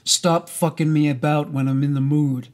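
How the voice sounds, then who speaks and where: A man's voice: a little high, fairly even intonation, normal speed, darkish tone, lightly acted. A man voicing a crude, menacing stepfather. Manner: threatening and crude. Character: coarse, menacing male stepfather, middle-aged.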